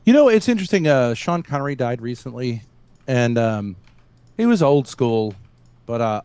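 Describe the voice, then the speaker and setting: A man on a stream panel, making halting, provocative points with many restarts. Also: mid-range voice, expressive, a little mellow, smooth, no room sound. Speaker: panel guest. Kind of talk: live debate on a stream.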